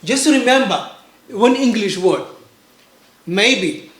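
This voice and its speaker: Slow, high-voiced man teaching pronunciation. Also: animated, fairly bright tone, echoey room. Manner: patient, repetitive drilling with sung-out sample sounds. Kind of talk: online language lesson.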